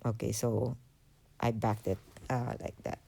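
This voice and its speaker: A woman's voice: extremely low pitch, level tone, unhurried, creaky, dark tone. A woman hosting a craft channel, giving a hesitant casual voiceover full of fillers as she walks through her project. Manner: hesitant, many fillers, apologetic. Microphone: voiceover mic.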